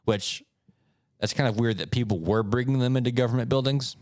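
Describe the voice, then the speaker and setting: A man co-hosting a podcast, telling stories in a casual, animated way. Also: a little fast, no room sound, studio quality. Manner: animated storyteller, swoops up in pitch for effect. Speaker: podcast co-host. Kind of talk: casual chat, reading stories aloud.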